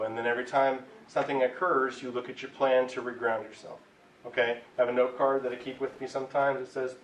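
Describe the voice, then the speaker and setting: A man teaching a class in a relaxed, chatty way, often checking in with "right?". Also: mid-range voice, brisk. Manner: conversational, keeps asking "right?". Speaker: tobacco cessation instructor. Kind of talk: classroom lecture. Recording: echoey room, mic far off, faint hiss.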